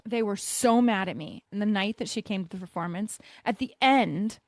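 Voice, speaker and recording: A middle-aged woman co-hosting a podcast, telling stories in a lively way and laughing often. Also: mid-range voice, normal speed, dry recording, clean studio sound. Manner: animated storyteller, laughs often. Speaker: podcast co-host. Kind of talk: casual chat.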